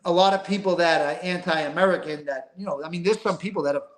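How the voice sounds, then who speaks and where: A man's voice: fairly high pitch, quick pace. Emphatic older man, roomy sound. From East Boston. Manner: emphatic, rambling, street-talking, profane. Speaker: guest. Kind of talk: casual interview storytelling.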